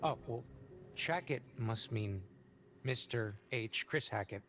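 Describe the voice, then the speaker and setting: A puzzled young camp counselor. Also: male voice, mid-range voice, slow pace, fairly bright tone. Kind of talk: video game voice acting. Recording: game audio with music beneath. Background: game soundtrack music.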